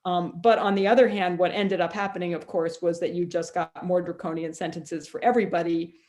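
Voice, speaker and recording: Lowish woman's voice, chatty, lots of ums and restarts, video call interview. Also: steady tone, a little fast, darkish tone. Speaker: author guest. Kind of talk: conversational storytelling.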